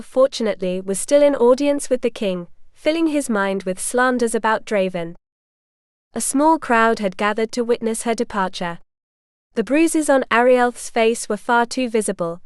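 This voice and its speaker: A woman narrating a historical romance audiobook in a measured, even storytelling manner. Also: a little high, smooth, no echo, studio quality.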